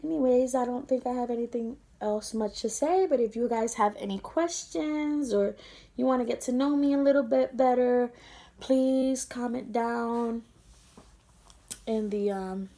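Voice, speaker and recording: A woman's voice: on the high side, a little slow, dark tone. A young woman vlogger telling an emotional story, tender and rambling, teary-eyed as she talks.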